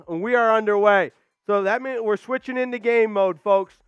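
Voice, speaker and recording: Hyped high-voiced man calling football. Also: fairly even intonation, normal speed, clean tone, no echo, lo-fi sound, faint music behind. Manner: hyped, shouting shout-outs. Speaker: live stream host. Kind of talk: excited watch-along play-by-play.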